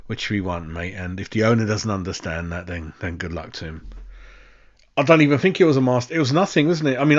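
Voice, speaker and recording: A young London-accented man from West London hosts a live fan stream, cursing and venting his exasperation while calling listeners "mate" in a casual rant. He speaks at medium pitch, and the audio is dull.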